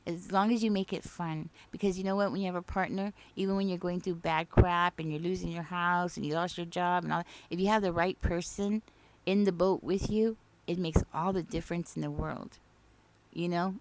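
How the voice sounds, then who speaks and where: A woman's voice: lowish voice, fairly even intonation, normal speed, slight background noise. Chatty woman giving a tarot reading. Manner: chatty, repeats "okay?" and "you know?"; sings song snippets softly. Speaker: tarot reader. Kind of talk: casual spoken tarot reading.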